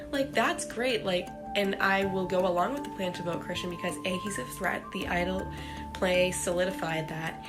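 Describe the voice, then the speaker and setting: A woman giving a chatty, scheming confessional as a reality game contestant. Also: lowish voice. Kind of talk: casual confessional. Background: background music.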